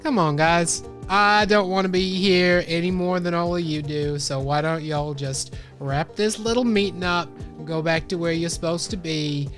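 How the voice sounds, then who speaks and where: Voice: medium pitch, steady tone, moderate pace, few pauses, a bit bright, lightly acted. A game master voicing a young female truancy officer of about twenty, in a put-on Texan drawl, breezy and bossy, over faint music.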